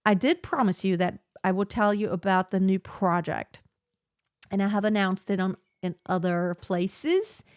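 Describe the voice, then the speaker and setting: A woman's voice: mid-range voice, measured pace, clear, resonant tone, dry recording, studio quality. A woman hosting a podcast, talking through advice in a casual, reflective way and filling her speech with "like.". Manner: chatty, reflective, heavy use of "like". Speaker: podcast host.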